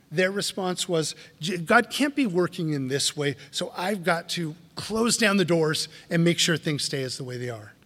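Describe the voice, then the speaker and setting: A man preaches from the pulpit in an emphatic, animated way, circling back with repeated phrases and rhetorical questions. His voice sits a little high for a man. The sound rings with the long reverb of a large hall. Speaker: pastor. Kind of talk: sermon.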